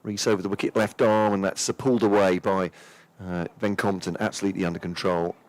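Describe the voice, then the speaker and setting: A man's voice: low voice, steady tone, fast, a little mellow. A man co-commentating on a cricket match, methodically working through the fielders and calling each ball. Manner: careful, methodical, checks the fielding positions aloud. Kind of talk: live sports commentary.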